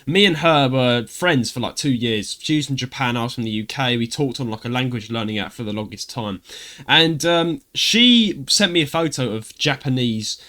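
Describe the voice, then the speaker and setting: Cockney man, podcast co-host, bright tense voice, animated storyteller. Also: medium pitch, moderate pace. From London, England. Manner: animated storytelling, loud acted outbursts. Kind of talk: casual podcast chat.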